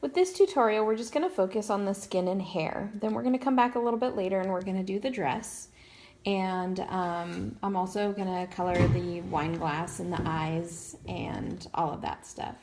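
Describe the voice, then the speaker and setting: A woman with a Texan accent talks through a coloring tutorial in an easygoing livestream chat. She sounds worn out but laughs a lot, and her voice has a gravelly, fried edge at a middling pitch. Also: animated, normal speed, a little mellow, a little hiss or hum. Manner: chatty, laughs often. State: tired. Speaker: craft tutorial host.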